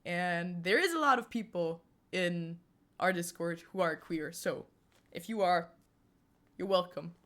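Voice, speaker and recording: A woman's voice: on the low side, a little slow, a bit bright. A young woman from Germany streaming live, chatting casually with viewers and laughing often as she answers them. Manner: giggly, chatty, answers chat with frequent laughter.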